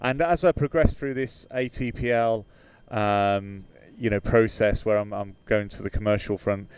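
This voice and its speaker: A man's voice: fairly low pitch, steady tone, moderate pace, clean tone, no room sound. Chatty British man hosting a stream. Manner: hesitant, many fillers, reads out chat, laughs easily. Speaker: flight sim livestream host. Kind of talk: casual livestream chat.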